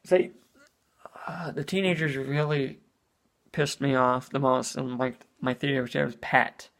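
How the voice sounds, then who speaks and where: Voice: mid-range voice, steady tone, a little slow, gravelly. A speaker giving a casual spoken movie review as an exasperated rant, full of "you know" and swearing.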